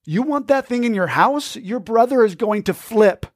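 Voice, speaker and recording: A man's voice: very high-pitched, animated, moderate pace, no echo, studio quality, voice pushed up, full character voice. A man voicing a squeamish teen boy who sounds grossed out and incredulous. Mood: disgusted.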